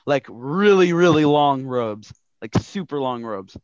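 A man's voice: medium pitch, animated, a little slow, smooth, no echo. Brief: rambling male game master, casual, dry muffled mic. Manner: rambling, many restarts, mild swears. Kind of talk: casual tabletop game narration.

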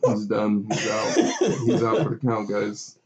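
A man's voice: on the low side, level tone, a little slow, a little mellow, highs cut off, slight background noise. A man chatting casually about fights on a podcast, easygoing and joking along with the others.

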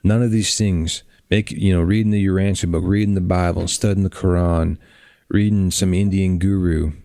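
A man hosting a reflective podcast, talking bluntly and earnestly with drawn-out pauses, on a close microphone. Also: deep voice, steady tone, warm tone, no room sound. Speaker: podcast host.

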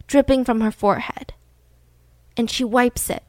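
Woman podcast host, casual true-crime storytelling, slightly high voice, dry close sound. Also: fairly even intonation, measured pace, dry recording. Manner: chatty, with fillers like "like" and "you know".

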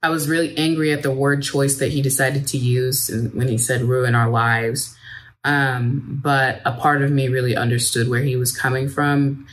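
A woman reading a first-person account aloud at a measured, steady pace. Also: a bass voice. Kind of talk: read first-person statement.

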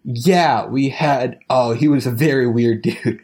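A young man co-hosting a casual podcast, recounting a trip in a halting, wry way with frequent small laughs. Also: mid-range voice, a little mellow, a little hiss or hum. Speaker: podcast co-host, trip returnee.

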